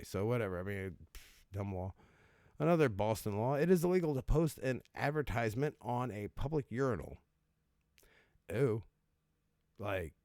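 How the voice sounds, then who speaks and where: A man's voice: mid-range voice, dark tone, no echo, studio quality. Sarcastic, cussing man riffing casually. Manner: sarcastic, profane, laughing asides, mock voices. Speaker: host reacting to odd laws. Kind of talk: casual comedic commentary.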